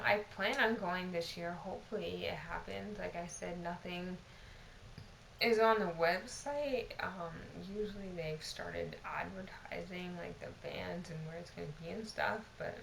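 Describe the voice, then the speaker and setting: A woman's voice: on the low side, creaky, a bit bright, reverberant, a little hiss or hum, poor audio. A tipsy woman in her twenties telling a casual, profane, exasperated storytime to her camera. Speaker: vlogger.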